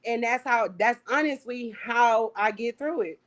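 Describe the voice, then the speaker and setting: A young adult woman telling a personal story as an interview guest, animated and acting out what she said back then. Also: fairly high pitch, unhurried. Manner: animated, acts out her own past lines.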